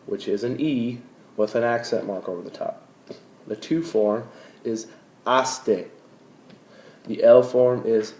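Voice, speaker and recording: Teacher, male, low voice, deliberate pronunciation, echoey muffled home recording. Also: mellow. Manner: slow, careful pronunciation of Spanish words. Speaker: Spanish teacher. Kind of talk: recorded classroom lesson. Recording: roomy, dull lo-fi recording.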